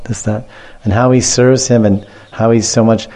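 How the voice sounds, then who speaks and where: Mellow-voiced man teaching devotional scripture. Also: fairly low pitch, flat delivery, moderate pace. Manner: repetitive, digressive, laughs often, acts out stories. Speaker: spiritual teacher.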